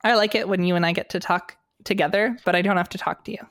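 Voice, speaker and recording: A woman's voice: on the low side, fairly even intonation, fast talker, fairly bright tone, no room sound. Chatty young woman with a dry close sound. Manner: rambling, playful, many fillers. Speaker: podcast co-host. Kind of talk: casual chat. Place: unfinished basement.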